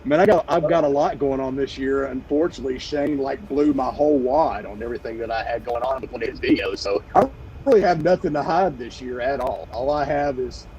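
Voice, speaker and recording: A man's voice: mid-range voice, a little fast, warm tone, rough recording. A middle-aged man with a Southern US accent, a reptile breeder chatting on a video call in a joking, rambling way. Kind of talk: casual livestream chat.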